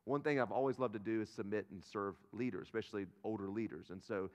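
Animated pastor preaching in a reverberant hall. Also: male voice, lowish voice, fast talker. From North Carolina, US. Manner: animated, swings from loud bursts to quiet asides. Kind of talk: sermon. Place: church auditorium. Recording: long reverb of a church hall.

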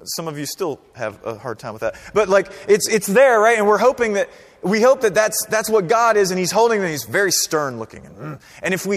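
A pastor preaching a sermon in a conversational, animated way, often checking in with the congregation. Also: male voice, high voice, moderate pace, long reverb tail. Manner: conversational, animated preaching with frequent "right?" and "okay?".

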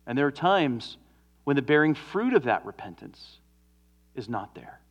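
A man preaching a sermon as a pastor, earnest, moving from emphatic stresses to hushed, drawn-out endings. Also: medium pitch, sing-song.

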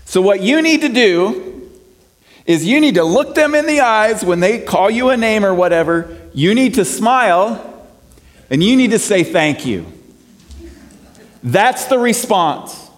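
A middle-aged pastor preaching in a relaxed, talky way, his fairly high voice carrying long reverb around a big church hall. He shifts from hushed, earnest passages to emphatic exhortation and often restarts mid-phrase. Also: unhurried. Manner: conversational preaching with frequent restarts and swings between soft and emphatic. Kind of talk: sermon.

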